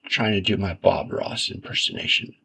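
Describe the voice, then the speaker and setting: A man giving relaxed, self-deprecating commentary while he plays a game, thinking aloud as he goes. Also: deep voice, brisk, gravelly, husky. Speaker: gaming video creator. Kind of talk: casual gameplay commentary.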